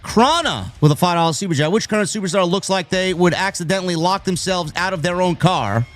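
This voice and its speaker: A man from New York hosts a wrestling live stream, talking briskly in a high, expressive voice with faint music behind. He chats in a rambling way, restarting often and reading viewers' messages aloud.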